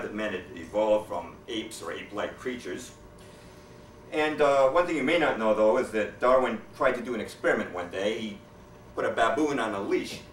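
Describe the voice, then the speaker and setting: A man's voice: fairly low pitch, a little hiss or hum. Man telling jokes in an echoey hall. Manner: deadpan storyteller who acts out quoted characters. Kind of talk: joke telling to a live audience. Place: lecture hall with an audience. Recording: echoey hall, distant mic. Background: audience laughter.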